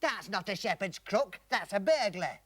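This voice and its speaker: A man's voice: high voice, animated, normal speed, fairly bright tone, dry recording. Man playing the patient explaining straight man. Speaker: comedy presenter. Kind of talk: comic double-act patter.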